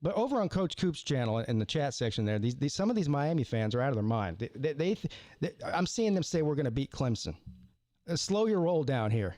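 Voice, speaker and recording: A man's voice: fairly high pitch, sing-song, brisk, a little mellow, no room sound. A man hosting a live sports call-in stream, rambling casually with stammered restarts and repeated words.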